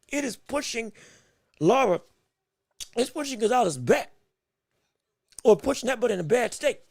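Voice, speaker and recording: Guy doing live fight commentary from home, real high voice, dry close mic, hiccuping and repeating himself. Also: vocal fry, no echo. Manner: repeats himself, restarts phrases, eats and talks at once. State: has the hiccups. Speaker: podcast host giving live fight commentary. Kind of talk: excited blow-by-blow livestream commentary.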